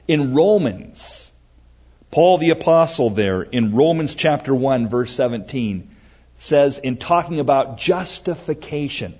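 A male pastor preaches an emphatic, repetitive teaching sermon. His voice is husky and swings widely in pitch, while his pace stays unhurried. The recording sounds dull and lo-fi. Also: a little mellow.

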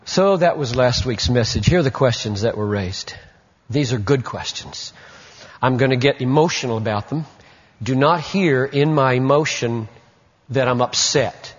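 A man's voice: mid-range voice, slightly rough. Emphatic preacher man in an echoey hall. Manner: emphatic, swinging from loud stresses to hushed asides. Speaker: pastor. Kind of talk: sermon. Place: church sanctuary. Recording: muffled lo-fi recording in an echoey hall.

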